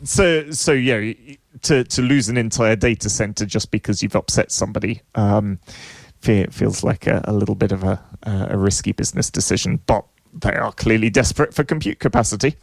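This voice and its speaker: Gravelly low-voiced man chatting tech news. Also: no echo. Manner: halting, wry, thinks aloud. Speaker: podcast co-host. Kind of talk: casual tech news chat.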